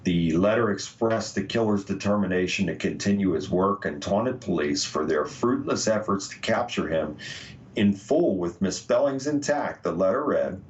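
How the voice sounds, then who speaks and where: American male podcast host, low register, halting delivery, dull lo-fi recording. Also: lively intonation, distant mic. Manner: hesitant, many uh fillers. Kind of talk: casual podcast talk, reading documents aloud. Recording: dull lo-fi audio.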